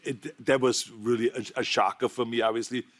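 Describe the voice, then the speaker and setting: A man's voice: medium pitch, fairly even intonation, normal speed. German-accented man telling studio anecdotes. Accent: German-accented English. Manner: chatty, laughs while telling anecdotes, repeats words. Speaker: talk show guest. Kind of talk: casual talk show storytelling.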